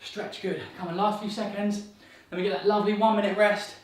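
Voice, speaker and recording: A man with a high-pitched voice and a flat delivery coaches a workout briskly, yet he's upbeat and encouraging, counting reps and a bit out of breath. As a fitness coach giving guided instruction, he's recorded far from the mic in a very echoey, noisy room.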